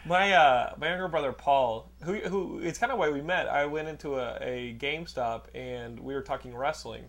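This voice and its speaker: A man's voice: medium pitch, moderate pace, a bit bright. A young man hosting a casual podcast chat, telling rambling stories and teasing his guest with lots of laughter. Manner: rambling, teasing storyteller who laughs a lot. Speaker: podcast host.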